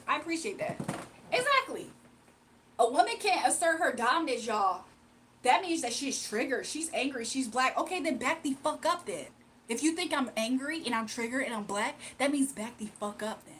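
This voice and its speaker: A woman's voice: high-pitched, animated, fairly quick, a bit bright, slight background noise. A young woman hosting a livestream, making emphatic, repetitive points and talking straight to her chat. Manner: emphatic, repeats points, addresses chat directly. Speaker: livestream host. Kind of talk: heated livestream rant.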